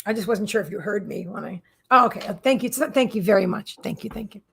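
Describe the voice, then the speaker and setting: A woman's voice: mid-range voice, gravelly, a little hiss or hum. A woman hosting a live psychic reading stream, chatting casually and effusively, repeating her thanks and greetings, with frequent restarts and fillers. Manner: halting restarts and many fillers.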